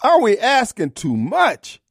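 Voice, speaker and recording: Man, middle-aged radio host: high, lively pitch, combative mocking rants, dry studio sound. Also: slow pace, gravelly, husky, dry recording. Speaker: radio talk show host. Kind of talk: opinionated talk radio monologue.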